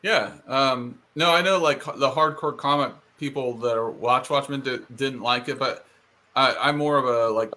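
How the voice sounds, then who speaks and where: A man chatting casually on a podcast, hesitant and halting. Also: mid-range voice, pushed and bright. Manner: hesitant, many fillers and restarts. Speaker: podcast co-host. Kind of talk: casual chat.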